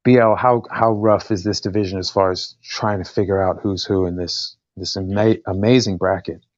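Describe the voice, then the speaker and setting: A man's voice: low-pitched, steady tone, moderate pace, darkish tone, no room sound. A man hosting an online boxing stream, welcoming guests and speaking in a self-deprecating way. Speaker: host. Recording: dry, dull lo-fi stream audio.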